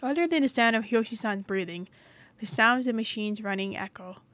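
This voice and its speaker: A woman's voice: a little high, moderate pace, fairly bright tone, dry recording. A woman hosting a gaming channel, reading a story game's narration aloud with occasional asides.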